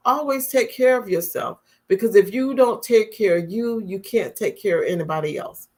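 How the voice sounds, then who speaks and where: A woman's voice: mid-range voice, normal speed, darkish tone. A woman hosting a talk show, speaking straight to her viewers with earnest, repetitive advice about stress and health. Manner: earnest, repeats her points as direct advice.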